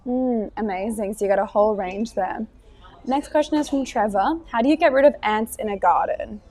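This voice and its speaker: A woman hosts a live Q&A stream, welcoming viewers and passing along their questions in a friendly, upbeat way. Her voice sits fairly high, and she uses casual fillers as she talks. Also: moderate pace, a little mellow. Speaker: host.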